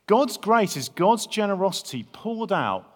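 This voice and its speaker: A male pastor delivers a conversational sermon, his pitch swinging widely as he talks. He restarts phrases often and sounds a touch high. A long hall reverb trails each line. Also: unhurried. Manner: lively, conversational preaching with frequent restarts.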